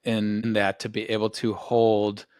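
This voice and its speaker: Low-voiced male podcast host, dry sound. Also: monotone, normal speed, darkish tone, clean tone, no room sound. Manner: reflective, rambling with many restarts. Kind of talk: casual podcast conversation.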